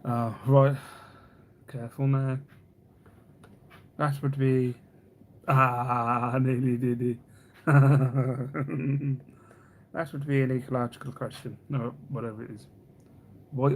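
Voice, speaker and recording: A man's voice: mid-range voice, flat delivery, measured pace, pauses often. A man hosting a casual live stream, rambling, teasing, and reading viewer comments aloud. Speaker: livestream host.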